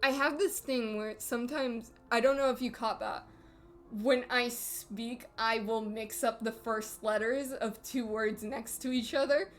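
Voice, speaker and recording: Slow-talking joking woman streamer. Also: on the high side, fairly even intonation. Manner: joking, crude, self-interrupting. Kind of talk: casual game commentary.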